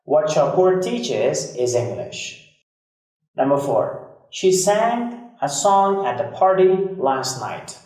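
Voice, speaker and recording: Slow-speaking man teaching grammar, echoey room. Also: fairly high pitch, big pitch swings, a little mellow. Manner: patient, repeats key words slowly. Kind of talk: explaining a grammar lesson. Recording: very echoey room, mic far off.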